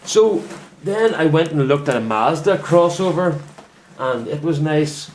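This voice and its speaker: A man's voice: on the high side, expressive, measured pace, a little mellow, a little hiss or hum. Rambling Northern Irish man in a greenhouse. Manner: rambling storyteller, self-correcting. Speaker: vlogger. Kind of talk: casual chat.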